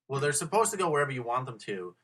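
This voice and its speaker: A man's voice: mid-range voice, big pitch swings, very fast, fairly bright tone, breathy edge. A young man, a blunt, joking podcast guest explaining how city cabs work. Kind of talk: casual chat.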